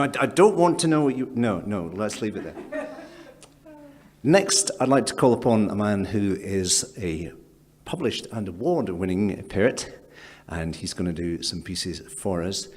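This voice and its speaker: A man hosting a live poetry evening, introducing the performers in a jokey, relaxed way. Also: deep voice. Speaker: event host. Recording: reverberant hall.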